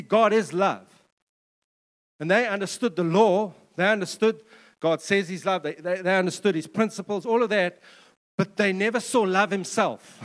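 A man's voice: high voice, in a large hall. A man preaching a sermon in a conversational way, with joking asides and repeated words. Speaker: pastor.

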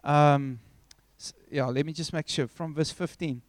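A man preaching a sermon, telling a story with animated, acted-out scenes. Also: on the high side, a little slow, dry recording.

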